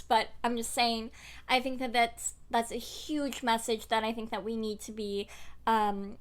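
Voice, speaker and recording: A young woman vlogging about books at home into a desk microphone, rambling and chatty with many fillers. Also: on the high side. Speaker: book vlogger. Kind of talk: casual to-camera chat.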